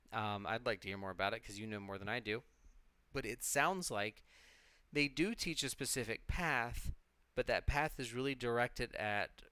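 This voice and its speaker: A man's voice: medium pitch, pushed and bright, clean tone, no echo. A man co-hosting a live stream, talking in a loose, reflective way, swearing freely and restarting his sentences often. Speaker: co-host of a live witchcraft stream. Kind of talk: casual rambling talk.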